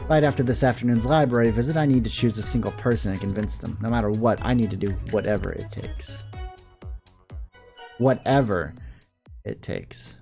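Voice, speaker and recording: A man with a Southern accent reading a visual novel's narration aloud in a relaxed, wry, matter-of-fact way. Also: medium pitch, quick pace, hardly any pauses, soft background music. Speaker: let's play host.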